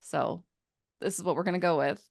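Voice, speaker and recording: A woman's voice: on the low side, a little fast, creaky, dry recording, clean studio sound. A woman co-hosting a casual sports podcast, joking and laughing as she chats. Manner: playful, joking, laughs often. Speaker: podcast co-host. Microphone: studio microphone.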